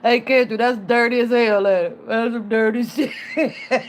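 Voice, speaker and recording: A woman's voice: fairly high pitch, normal speed. A woman streamer telling a story in casual chat, acting out the people in it and laughing often. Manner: animated, acts out voices in quotes, laughs often. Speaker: reaction streamer.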